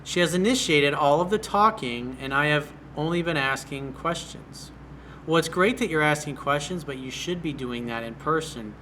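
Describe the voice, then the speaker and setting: Dating coach, male, bright and punchy tone, slightly high voice, talks bluntly. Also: normal speed, a little hiss or hum. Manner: blunt, direct. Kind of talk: commenting on a viewer's email.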